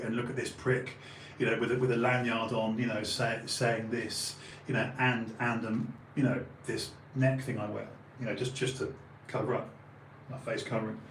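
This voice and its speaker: A man's voice: medium pitch, slight background noise. Man, 40s, Essex-London accent, podcast host, casual storytelling, swears a lot, acts out the people in his story, echoey room. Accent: Essex and London English.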